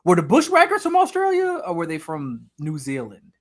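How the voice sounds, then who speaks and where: A man co-hosting a wrestling podcast, joking and thinking out loud in casual chat. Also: sits high, wildly swooping pitch, moderate pace. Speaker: podcast co-host.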